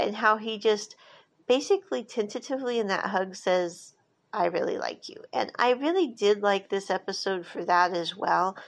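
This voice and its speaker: A woman casually recapping drama episodes in a chatty way, acting out quoted dialogue as she retells scenes. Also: medium pitch. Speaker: drama reviewer.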